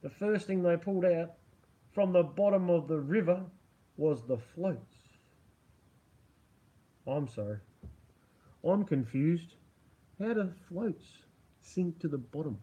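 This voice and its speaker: A man's voice: fairly high pitch, animated, slow, long pauses, mellow, slightly rough. A middle-aged man hosting a casual livestream and talking to his chat, rambling and profane, laughing often and sarcastic. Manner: sarcastic about media. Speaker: livestream host reading chat.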